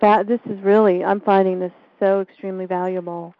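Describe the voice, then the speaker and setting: A woman's voice: medium pitch, flat delivery, a little fast, dry recording, phone-quality sound. A woman hosting a radio interview, asking casual follow-up questions.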